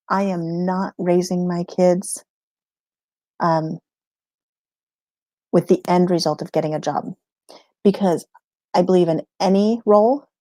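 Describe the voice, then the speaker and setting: Woman, homeschooling mother, casual livestream chat, rambling, frequent laughter, warm voice, dry close sound. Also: lowish voice, no room sound. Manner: rambling and chatty, laughing often mid-sentence. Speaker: homeschooling mother answering viewer questions live.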